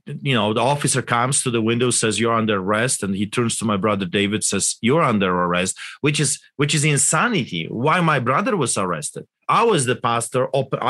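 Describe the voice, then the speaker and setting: A man's voice: mid-range voice, fairly bright tone. Fervent, indignant male pastor. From Canada. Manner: fervent, indignant, rhetorical questions. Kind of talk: impassioned interview account.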